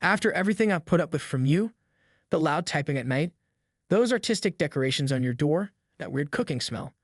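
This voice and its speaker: A man's voice: a little high, expressive, brisk, no room sound, studio quality. A man voicing a pushy, entitled woman neighbor who talks in a theatrical, demanding way in a storybook reading. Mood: indignant.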